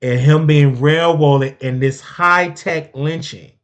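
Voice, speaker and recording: A commentary host talking on a live stream, emphatic and repetitive, with big swings in pitch and loudness. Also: slow.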